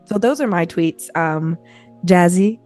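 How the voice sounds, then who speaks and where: A woman from Kentucky with a fairly low voice co-hosts a casual podcast. She chats in a lively way and tells animated stories. Faint music sits softly in the background. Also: a little slow. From Kentucky, USA. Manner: chatty, animated storytelling. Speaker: podcast co-host. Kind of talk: casual chat.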